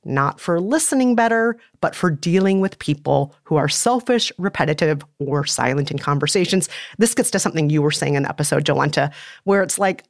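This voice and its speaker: A woman's voice: fairly low pitch, no room sound, studio quality. A woman co-hosting a podcast, talking earnestly and reading listener letters aloud. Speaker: podcast co-host. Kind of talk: casual chat.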